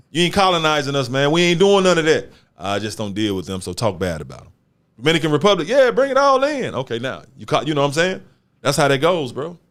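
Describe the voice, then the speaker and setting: A man hosts a laid-back talk show, his voice pitched a little high and somewhat bright. He talks with emphasis in street slang, repeating words to drive points home.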